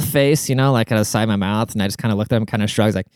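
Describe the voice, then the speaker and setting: A man's voice: lowish voice, flat delivery, fast, darkish tone, clear, resonant tone, dry recording, studio quality. A young man from Washington State telling a story in a casual, rambling monologue, swearing often and checking in with his listener as he goes. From Washington State, USA. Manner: rambling, profane, conversational.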